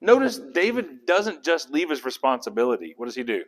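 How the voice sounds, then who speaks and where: A man's voice: mid-range voice, a little fast. A man leading a casual Bible study, talking through the passage and asking his group questions. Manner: animated, acts out characters' lines; conversational, asks the group questions.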